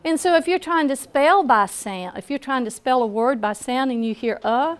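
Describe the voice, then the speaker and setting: In a classroom lesson on phonics, a high-pitched woman with a clean tone speaks in a Southern American accent. She goes slowly and patiently, checking in often with "okay?"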